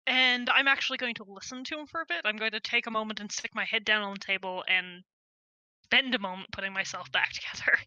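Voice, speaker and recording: A woman's voice: medium pitch, quick pace, bright, forceful tone, no room sound, dull audio. A woman player in a tabletop game describing her character's actions in the first person.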